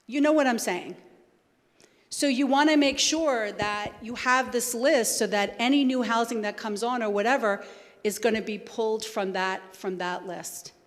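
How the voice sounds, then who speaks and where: Guest speaker, woman, New Jersey accent, quick and conversational, in a reverberant hall. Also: on the high side. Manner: fast-talking, conversational. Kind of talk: talk with audience questions. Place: church hall.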